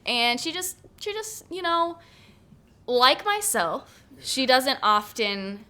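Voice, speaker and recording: A woman in her late twenties co-hosting a podcast, chatting in a lively way and telling stories with frequent laughter. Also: high-pitched, slow pace. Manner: lively, laughs often, animated storytelling. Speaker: podcast co-host. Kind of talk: casual chat.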